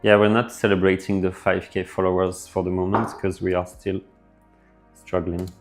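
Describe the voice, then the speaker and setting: Here the man has a low-pitched voice at normal speed, with faint music underneath. He casually works through viewer messages on his live coding stream, reading each one out and thinking aloud with plenty of fillers.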